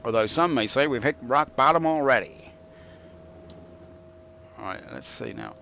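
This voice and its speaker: A man's voice: medium pitch, expressive, a little slow, gravelly, bright, forceful tone, a little hiss or hum. A man giving rambling, jokey commentary over his gameplay, drifting into mock-philosophical musings. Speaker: game streamer.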